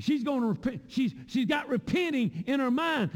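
A man preaching a sermon in a church sanctuary, with a repetitive cadence that rises into shouts. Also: extremely high pitch, very animated, normal speed, few pauses, in a large hall.

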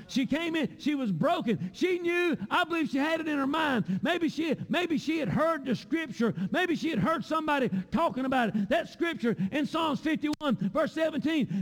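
A man preaching a sermon in a church sanctuary, with a repetitive cadence that rises into shouts. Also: very high voice, long reverb tail.

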